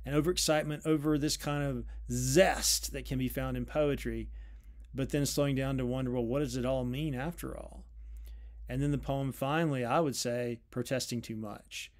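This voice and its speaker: A man's voice: mid-range voice, a little mellow. A middle-aged man giving a spoken lecture on a poem, thinking aloud with ums and small self-corrections as he reads lines out. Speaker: literature teacher.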